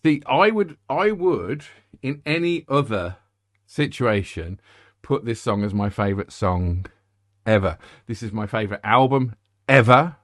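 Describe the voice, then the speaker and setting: A man's voice: medium pitch, animated, unhurried, no room sound, studio quality. A middle-aged man hosting a music show, rambling, joking and interrupting himself. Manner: rambling, jokey, self-interrupting. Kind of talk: casual chat.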